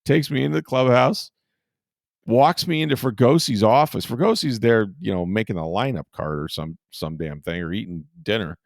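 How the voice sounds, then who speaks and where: Speaking at normal speed in a low voice with vocal fry, a middle-aged man who hosts a podcast and writes about sports rambles through a self-deprecating story, frequently laughing. The audio is studio quality, with no room sound.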